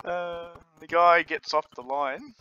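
A man running a tabletop game as game master, narrating in an unhurried, lively way, recorded on a home computer mic. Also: fairly high pitch, smooth, dry recording. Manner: unhurried, lively storytelling with light laughter. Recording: dull lo-fi with faint hiss.

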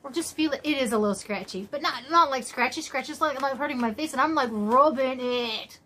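A woman talks casually to her camera at home, gushing over each thing she finds. Her voice sits high and jumps higher still whenever she gets excited. She sounds a little tired but keeps exclaiming. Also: a little fast. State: tired after work. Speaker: crochet vlogger. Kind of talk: casual unboxing chat.

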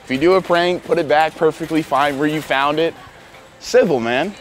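A man hosting a street prank video, talking in a pleading, playful way with big swings in pitch, outdoors and inside a big store. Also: normal speed, slight background noise.

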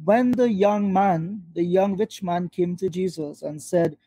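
Fast-talking man arguing on a call. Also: high-pitched, warm tone, husky, no echo, low-quality recording. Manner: rapid, pressing, addresses opponent by name. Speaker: Muslim panelist in a debate. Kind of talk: fast debate argument on a video call. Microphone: video call.

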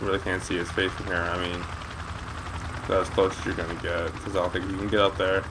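A young man talks casually over his game on a headset, rambling and cracking jokes in a lowish voice. Game sounds run clearly underneath. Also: level tone, a little fast, background noise. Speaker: gaming video host. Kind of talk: casual let's-play commentary.

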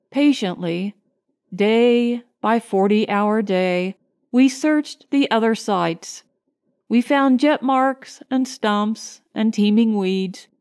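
A woman reading a science fiction short story aloud in a measured, grave storytelling manner. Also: mid-range voice, darkish tone. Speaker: audiobook narrator. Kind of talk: scripted narration.

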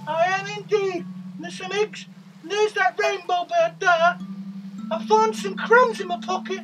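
A squeaky excitable rabbit puppet. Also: male voice, measured pace, recorded from a distance, over music, poor audio. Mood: excited. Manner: squeaky, bouncy, full of sound effects and cheers. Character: excitable young male rabbit puppet, loves carrots, fears foxes. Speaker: children's storyteller. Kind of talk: children's story reading with actions.

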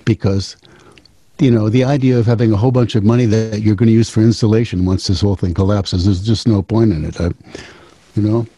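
A man's voice: lowish voice, steady tone, a little fast, dark tone, husky, dry recording. A man in his seventies telling a family story in a casual, wry, rambling way. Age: 70s. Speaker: musician and storyteller.

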